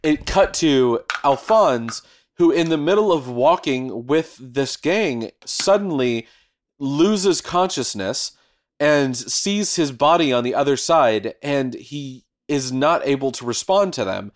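A man in casual podcast chat, retelling a show's plot with lively acted-out character lines and casual swearing. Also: mid-range voice, slow. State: has the hiccups. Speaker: podcast co-host recapping anime episodes.

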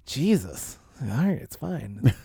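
A man's voice: mid-range voice, very animated, slow pace, creaky, mellow, slightly rough, dry recording, studio quality. A man in his thirties telling a rambling, profane story in casual chat, often laughing as he talks. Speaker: podcast co-host.

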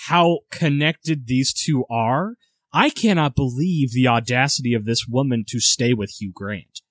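A man co-hosting a casual movie chat, profane and excitable, laughing often. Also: mid-range voice, measured pace, no room sound, clean studio sound. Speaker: podcast co-host.

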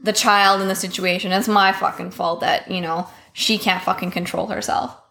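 A bright-voiced young woman telling a personal story on a podcast, casual and blunt. Her speech is loose and profane, full of "um" and "like", with a clear, forward tone. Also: mid-range voice, fairly even intonation, moderate pace. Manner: candid, profane, heavy filler words. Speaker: podcast guest.

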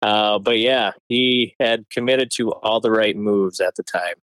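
A man's voice: on the low side, fairly even intonation, a little slow, a bit bright, clean tone, no echo. A man co-hosting a casual movie chat, laughing often and hedging with fillers. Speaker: podcast co-host.

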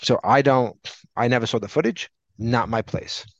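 Man, podcast co-host, animated rambling story, dull lo-fi recording, dry close sound. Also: medium pitch, moderate pace, dry recording. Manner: animated, rambling anecdote with acted-out quotes. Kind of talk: casual storytelling chat.

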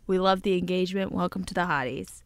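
Giggly woman podcast co-host, clear voice. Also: lowish voice, fast, dry recording, clean studio sound. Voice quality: giggly, stumbling over names. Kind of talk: casual recap chat.

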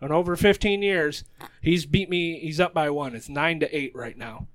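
A man hosting a casual podcast, short of breath, mouth breathing loudly into a close microphone. His voice sits a little high for a man and sounds dry and close, with no room around it. He rambles along and swears freely. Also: normal speed, dry recording. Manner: heavy breathing into the mic, profane and rambling. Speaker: podcast host. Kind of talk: casual chat. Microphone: close podcast mic.

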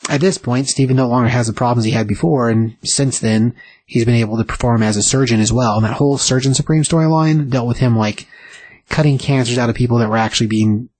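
A man's voice: mid-range voice, a little mellow, breathy edge, no room sound, rough recording. A man casually recapping a comic book, rambling and enthusiastic with lots of fillers.

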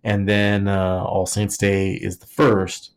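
In a slow, monotone, fairly low voice, a male podcast co-host rambles jokily through some history in casual conversation. He fills his speech with "like" and restarts his thoughts frequently.

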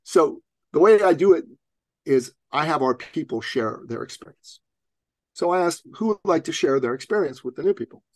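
As a podcast guest, a man tells a personal story with animation, laughing often along the way. His voice sits a little high and he speaks at a normal speed.

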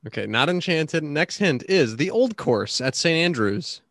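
A man's voice: on the high side, sing-song, unhurried, a bit bright, dry recording, studio quality. Teasing man giving quiz hints. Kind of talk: casual chat.

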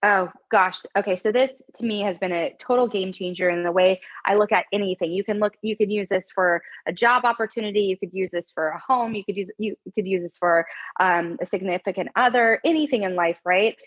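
A woman guest tells a story with earnest, animated energy and stumbles through frequent restarts. Her voice is a bit husky. The recording is dry and slightly dull. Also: mid-range voice, a little fast, no echo. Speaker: podcast guest. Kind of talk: conversational storytelling.

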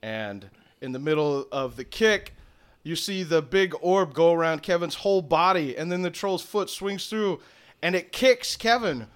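A man's voice: fairly high pitch, expressive, smooth. Young male game master narrating. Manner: descriptive, with filler pauses.

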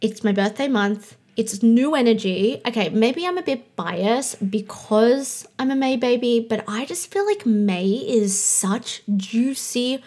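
A woman's voice: fairly high pitch, darkish tone. A woman of thirty with a slight lisp, hosting a casual solo podcast in a bubbly, chatty way. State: slight lisp from new aligners. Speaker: podcast host and coach.

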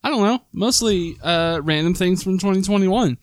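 A man's voice: high voice, normal speed, dry recording. A young man hosting a casual podcast, joking and rambling, laughing often between lines. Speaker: podcast host.

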